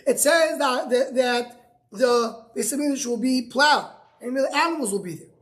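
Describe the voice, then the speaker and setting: A man's voice: extremely high pitch, normal speed, a bit bright. A male rabbi giving a daily Talmud class. He reads each line of the Aramaic text and then explains it in English, often repeating words as he searches for the phrasing.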